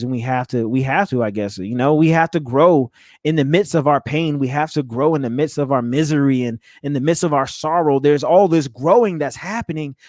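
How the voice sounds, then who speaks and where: A young man with a mid-range voice hosts a solo motivational podcast, recorded at studio quality with no room sound. He talks earnestly and animatedly, laughs often, and repeats words as he keeps restarting.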